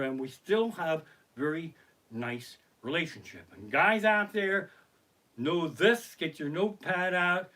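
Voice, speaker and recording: A middle-aged man, a comedian telling profane, animated stories during a live stream from his living room. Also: a little high. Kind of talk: live-streamed comic storytelling. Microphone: basic home streaming setup.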